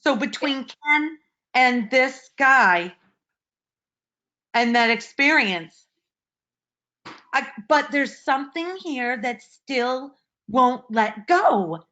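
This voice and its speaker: A woman's voice: high voice, animated, drawn-out words, long pauses, pushed and bright, lo-fi sound. A woman casually retelling a personal story, emotional and full of restarts, on an online call. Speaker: participant sharing a story.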